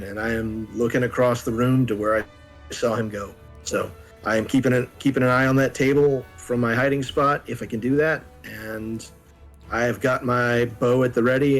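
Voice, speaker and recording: Halting male tabletop player. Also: mid-range voice. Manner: thinking aloud, halting. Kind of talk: casual game talk.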